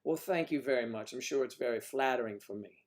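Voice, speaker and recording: Speaking fairly quickly in a medium pitch, a man hosts a laid-back livestream. He's from the northern United States and keeps up a chatty, jokey stream of replies, reading viewer comments aloud.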